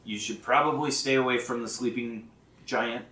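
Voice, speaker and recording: A man running a tabletop game as game master, talking haltingly with many fillers and restarts, and laughing often. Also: medium pitch, steady tone, sharp tone, echoey room, recorded from a distance. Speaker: dungeon master.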